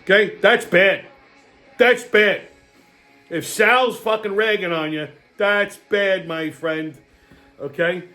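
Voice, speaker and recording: A man's voice: high voice, slow, bright, forceful tone, soft background music. A man hosting his own show, telling a story as a profane, heated rant. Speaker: host. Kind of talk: casual ranting monologue.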